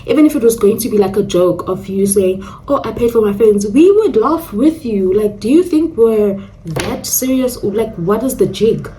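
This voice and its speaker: A young South African woman telling a storytime vlog, animated and dramatic, slipping into local slang. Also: mid-range voice, normal speed, distant mic, a little hiss or hum. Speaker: storyteller vlogger. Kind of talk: casual storytime monologue.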